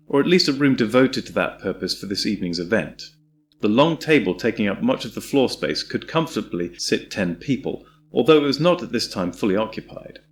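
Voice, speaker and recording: A man reading an audiobook in a measured, descriptive storytelling manner. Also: on the low side, fairly bright tone, slight background noise. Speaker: audiobook narrator. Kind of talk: scripted audiobook narration.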